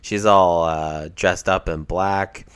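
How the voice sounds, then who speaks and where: A man co-hosting a wrestling podcast, talking casually with lots of swearing and bursts of excited shouting. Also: low-pitched, takes it slowly, smooth, no room sound, clean studio sound. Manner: profane, excitable, laughs often. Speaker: podcast co-host. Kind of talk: casual wrestling recap chat.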